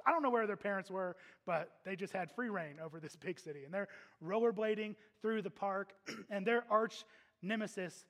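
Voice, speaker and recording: High-voiced preacher guy from texas, emphatic, goes quiet then loud, cracks jokes mid sermon. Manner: emphatic, shifts between hushed and loud; humorous asides.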